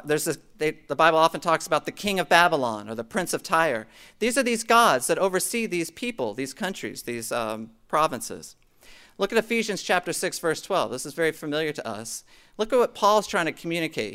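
A man's voice: fairly high pitch, big pitch swings, brisk, bright, forceful tone, clean tone. A middle-aged man preaching a conversational sermon, teaching from scripture and often checking in with "okay?". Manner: conversational, frequent "okay?" check-ins, asides to the congregation. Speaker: pastor.

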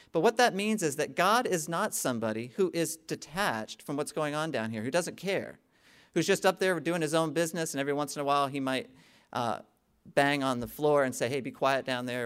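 Man, middle-aged pastor, slightly higher voice, conversational sermon, emphatic peaks, keeps asking "okay?". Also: lively intonation, fairly quick, a bit bright, clear, resonant tone. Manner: frequent "okay?" check-ins with the congregation.

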